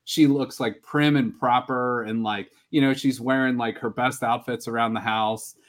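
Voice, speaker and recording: A man's voice: mid-range voice, steady tone, normal speed. A man hosting a casual podcast movie draft, talking enthusiastically and laughing as he goes.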